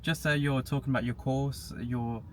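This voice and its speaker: A man's voice: mid-range voice, fairly even intonation, normal speed. A young man chatting casually as a podcast guest, matter-of-fact and laughing at himself now and then. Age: young adult. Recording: faint background hiss.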